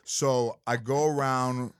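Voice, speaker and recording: A man talking as a guest in casual chat, rambling and halting with many restarts. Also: medium pitch, fairly even intonation, slight background noise.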